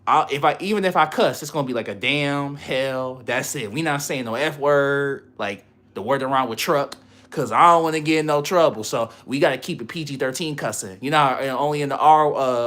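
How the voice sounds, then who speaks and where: A man's voice: mid-range voice, a little fast, a bit bright. A man chatting casually on a livestream, rambling in slang and laughing often.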